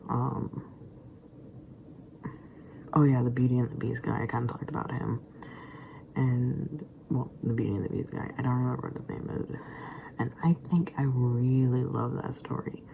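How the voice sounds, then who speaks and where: A man's voice: mid-range voice, normal speed, gravelly, long pauses. A young man vlogging in a casual rambling monologue, stammering through restarts and dropping into whispered asides. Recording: steady background noise.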